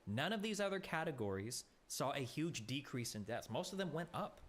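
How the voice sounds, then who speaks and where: A man streaming a debate, sarcastic and rattling off statistics quickly. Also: mid-range voice, big pitch swings, a bit bright. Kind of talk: heated debate chat.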